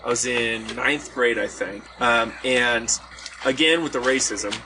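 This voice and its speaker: A man's voice: mid-range voice, a little slow. Man telling a story outdoors, noisy. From Hawaii. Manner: animated, acts out quoted voices. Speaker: podcast host telling a story. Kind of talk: casual storytelling among friends. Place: outdoors around a fire at a party. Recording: outdoor party gathering with background noise.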